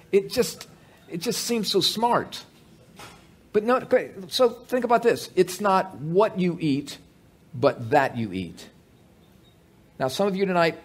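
A man preaching a sermon to a live gathering, conversational and animated, with humorous asides and frequent restarts. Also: high voice, husky. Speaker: pastor.

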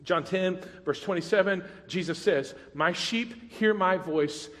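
A man preaching a sermon as pastor, animated, swinging between loud, dramatic acted prayers and quiet, intimate asides. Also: sits high, unhurried, in a large hall.

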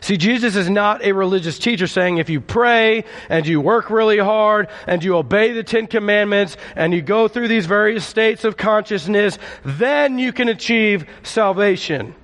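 A man's voice: high-pitched, moderate pace, few pauses, fairly bright tone, long reverb tail. A male pastor preaching a conversational sermon and calling on his congregation for responses. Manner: conversational, calls for audience response.

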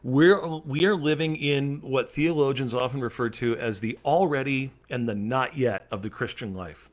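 A man's voice: medium pitch, normal speed. A male pastor leading a Bible study, reading scripture aloud and then explaining it earnestly and emphatically, with casual fillers along the way.

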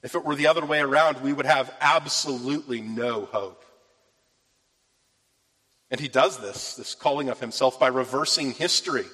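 Here the preacher's voice is medium in pitch with a sharp edge, moving at an ordinary speed. He preaches earnestly from scripture, building up on key phrases, while a large hall gives everything a long echo.

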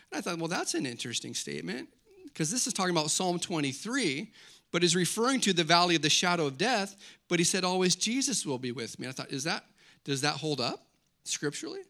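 Male pastor, high and bright, lively joking sermon delivery. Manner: animated, joking storytelling preacher.

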